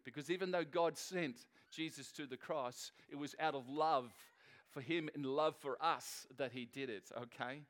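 A man's voice: on the high side, moderate pace, fairly bright tone. Middle-aged guy preaching in church, chatty and jokey, keeps restarting his sentences. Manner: conversational and joking, with frequent restarts. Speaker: pastor. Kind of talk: sermon. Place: church service.

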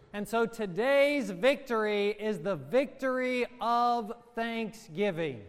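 Priest, male, high smooth voice, measured emphatic sermon delivery, long church reverb. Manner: measured, emphatic preaching with slowed stresses.

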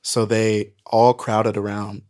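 A man guest on a podcast, telling a wild story in an animated, profane way and laughing at it. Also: on the low side, slow. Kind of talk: casual storytelling.

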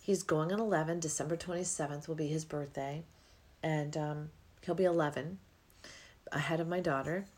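A woman's voice: sits low, steady tone, normal speed, darkish tone. A middle-aged woman hosting a podcast, talking in a reflective, rambling way with sighs and yawns. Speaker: podcast host. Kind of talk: casual spiritual podcast monologue.

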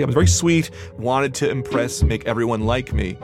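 A young man from New Jersey telling a personal story in a casual, conversational way, getting animated when he relives what he said. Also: mid-range voice, brisk, hardly any pauses. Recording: music underneath.

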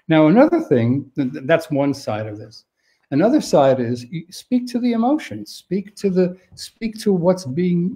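A man's voice: high-pitched, big pitch swings, moderate pace, mellow. A middle-aged man answering interview questions as an expert, thoughtful and often restarting his sentences. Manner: thoughtful, with frequent restarts and stammered repeats. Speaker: dementia expert guest.

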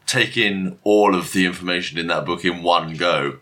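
A man speaks in a dry, deadpan way, making grand claims with a straight face. His voice sits very low but has a bright edge. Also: normal speed. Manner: deadpan, grandiose, playing an all-knowing being. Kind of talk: casual discussion chat.

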